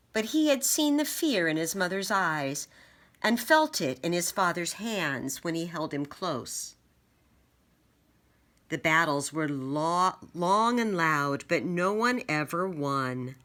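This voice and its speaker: A woman reading a children's picture book aloud, expressive and acting out sound effects. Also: low-pitched, takes it slowly. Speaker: storybook reader.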